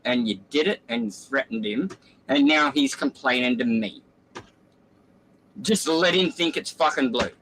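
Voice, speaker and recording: A man voicing a weary, wise male lion king in a spoken fable, lecturing calmly. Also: mid-range voice, measured pace, slight background noise, close to an everyday voice, rough recording.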